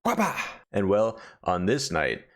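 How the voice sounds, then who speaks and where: Profane rambling man, lowish voice. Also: huge pitch swings, measured pace. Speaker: horror series reviewer. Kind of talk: casual comedic review.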